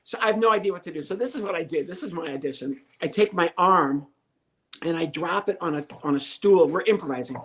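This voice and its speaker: A man in his sixties, a comedian guest telling a lively story and acting out the voices of the people in it. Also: fairly high pitch, fast talker. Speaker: podcast guest, comedian and ventriloquist. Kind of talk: storytelling interview.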